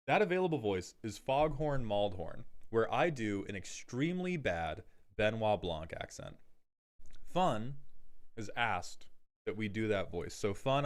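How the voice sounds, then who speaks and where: Joking man reviewing card decks. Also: fairly low pitch. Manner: joking, quick asides, self-deprecating. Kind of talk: casual joking commentary.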